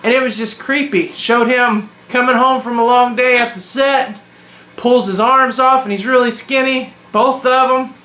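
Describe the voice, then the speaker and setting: A man's voice: very high-pitched, steady tone, normal speed, pushed and bright, reverberant. A young man giving opinionated, joking reactions in a casual, slangy vlog. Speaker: vlogger.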